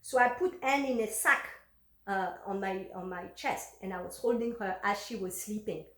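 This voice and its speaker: A woman's voice: medium pitch, normal speed, fairly bright tone. Chatty woman in an echoey room. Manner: chatty, lots of fillers and restarts. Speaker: vlogger. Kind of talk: casual personal storytelling.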